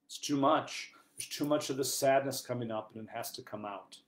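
A man preaching as a priest, earnest and heartfelt, his voice dropping low and then rising to loud emphasis. The room around him rings with a roomy echo, and his pitch sits in an ordinary middle range. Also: normal speed. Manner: earnest, wide swings from hushed to loud. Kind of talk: sermon. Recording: echoey room.

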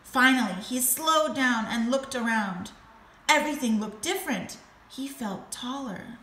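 Woman teacher reading a storybook aloud to a class, bright voice, echoey room, faint hiss. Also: fairly high pitch. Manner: slow, expressive reading.

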